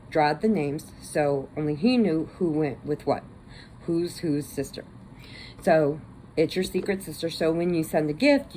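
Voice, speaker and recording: A woman's voice: sits low, a little mellow, slight background noise, poor audio. A woman hosting a crochet vlog, chatting casually in a rambling, laughing and teary way. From Illinois, US. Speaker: crochet channel host. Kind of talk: casual chat.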